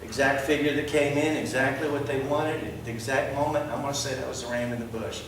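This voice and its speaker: A man telling a lively story as a sermon, acting out the voices of the people in it. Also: medium pitch, brisk, recorded from a distance, background noise. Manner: animated storyteller, acts out quotes. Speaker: preacher giving a testimony. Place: large church sanctuary. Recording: echoey hall, heard from afar.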